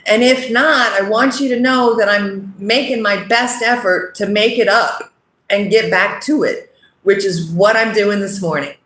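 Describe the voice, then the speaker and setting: Brief: middle-aged woman host, earnest and unhurried, speaking in an echoey room. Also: medium pitch, fairly bright tone. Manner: earnest, repeats "okay?" often. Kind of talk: casual direct-to-camera talk.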